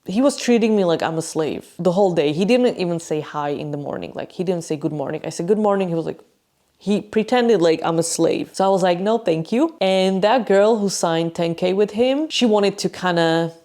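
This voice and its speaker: A woman vlogger tells a candid story in a frank, chatty way, cursing without a second thought. Her voice sits low for a woman and stays easygoing. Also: moderate pace, warm tone. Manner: frank, chatty, swears freely.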